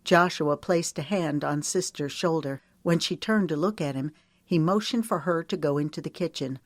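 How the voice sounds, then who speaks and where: A woman narrating an audiobook in a steady, measured storytelling manner. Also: deep voice, no room sound, studio quality.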